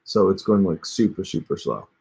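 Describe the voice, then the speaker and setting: This time the tutorial host's voice is deep, mellow, and sing-song, with vocal fry and a moderate pace. He chats casually through on-screen steps on a computer mic, addressing his viewers as "you guys."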